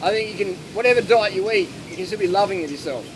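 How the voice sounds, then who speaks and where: High-voiced man in a noisy outdoor Q&A. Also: fast. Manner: anecdotal, animated, acts out quotes. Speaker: speaker answering audience questions. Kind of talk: casual Q&A talk. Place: outdoor festival.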